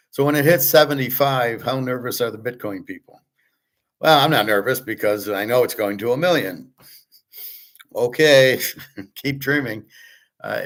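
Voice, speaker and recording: A man commenting on a video clip in a blunt, dismissive way, swearing often. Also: lowish voice. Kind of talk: casual reaction commentary.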